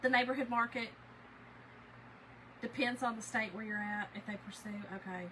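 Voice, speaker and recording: A woman hosting a crafting livestream, chatting with viewers in an animated, storytelling way while she works. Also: a little high, normal speed, noisy background. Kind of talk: casual chat while crafting, reading viewer comments.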